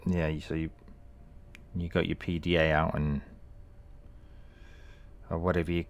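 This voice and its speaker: A man playing through a video game, talking back to its characters in a gentle, reassuring, rambling way. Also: low voice, flat delivery, measured pace, gravelly. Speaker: let's play gamer.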